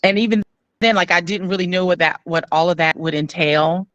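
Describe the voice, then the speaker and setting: A woman guest frankly recounting her own experience in an interview, pausing often with "um". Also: lowish voice, fairly bright tone, dry recording, highs cut off. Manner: earnest, frank, many "um" pauses. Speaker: guest telling her story. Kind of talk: candid personal storytelling.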